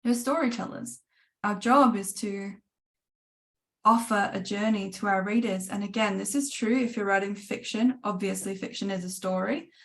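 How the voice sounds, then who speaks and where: A woman in her thirties coaching writers on a live webinar, chatty and animated, laughing often. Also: medium pitch, normal speed. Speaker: writing coach.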